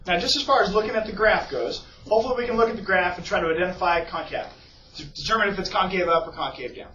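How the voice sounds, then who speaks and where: A man teaching a class in a casual, chatty way, his voice a little higher than most men's. He is recorded from across an echoing room on a dull, muffled recording. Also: quick pace, bright, forceful tone, far from the mic, slight background noise. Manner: casual, keeps checking in with "okay?" and "right?". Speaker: math teacher. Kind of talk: classroom lecture.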